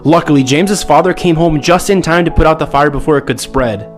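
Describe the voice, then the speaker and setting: A man reading a scripted story at a steady, even pace. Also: fairly high pitch, fairly quick, soft background music. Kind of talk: scripted narration.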